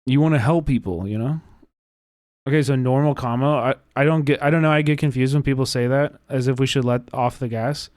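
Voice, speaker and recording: A man hosting a livestream, talking casually in an animated, profane, rambling way with many restarts. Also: mid-range voice, a little fast, no echo, studio quality. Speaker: livestream host. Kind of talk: casual reaction chat.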